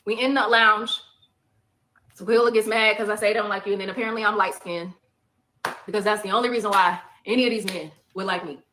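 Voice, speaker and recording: A woman's voice: mid-range voice, fairly even intonation, brisk, bright, forceful tone. A woman in a heated monologue, emphatic and repeating her points for effect.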